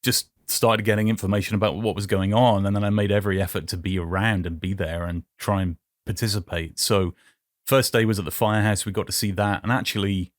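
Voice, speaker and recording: Low-voiced man, dry close sound. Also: a little fast, dry recording. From United Kingdom. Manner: relaxed, self-deprecating, repeats words. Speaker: guest. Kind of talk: casual chat.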